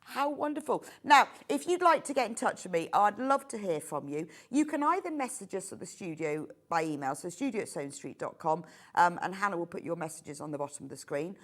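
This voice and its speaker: A woman's voice: on the low side, animated, a little fast, hardly any pauses. A British woman presenting on a shopping channel, chatty and enthusiastic as she sells products.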